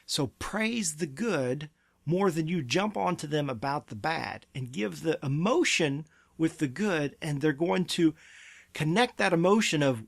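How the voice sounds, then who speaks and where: This man's fairly high, expressive voice carries some vocal fry, and he speaks unhurriedly with no echo around him. He's a therapy clinic presenter offering parenting advice straight to camera, earnest and emphatic, performing the lines of parents and kids.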